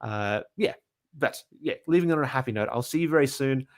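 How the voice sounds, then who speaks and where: A young man with an Australian accent talks loosely through viewer questions in a livestream-style bass lesson. He is upbeat and chatty, fills gaps with "uh" and restarts his sentences. His voice sits at an ordinary middle pitch for a man. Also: brisk. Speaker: bass teacher. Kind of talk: casual livestream Q&A.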